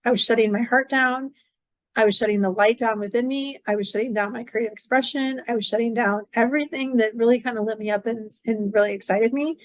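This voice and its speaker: A woman's voice: a little high, steady tone, a little fast, dry recording. A middle-aged woman hosting an astrology channel, talking in an effusive, rambling spiritual monologue that is full of repeated phrases and "like" fillers.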